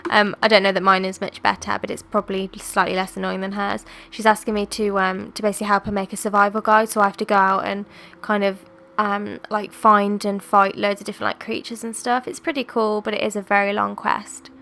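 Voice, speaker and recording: A woman giving casual gameplay commentary. She is chatty and a little hesitant, wandering into asides. Her voice is gravelly and fairly flat in pitch. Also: brisk. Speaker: gaming channel host.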